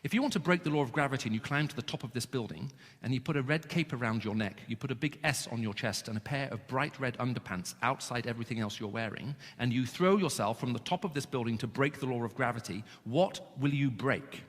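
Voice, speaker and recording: A man's voice: mid-range voice, fast talker, few pauses, a bit bright, breathy edge. A man delivers a sermon in a large hall, his mid-range voice trailing off into long reverb. He speaks earnestly and asks his listeners one rhetorical question after another. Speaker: preacher.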